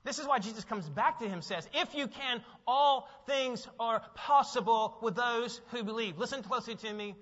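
A man preaching a sermon as pastor, animated and asking his listeners questions. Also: very high-pitched. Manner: animated, asks the audience questions. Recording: dull, with long hall reverb.

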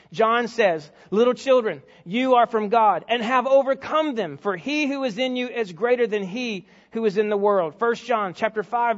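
A man preaching a televised sermon as pastor, emphatic and repeating key words for effect. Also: sits high. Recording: dull sound with long hall reverb.

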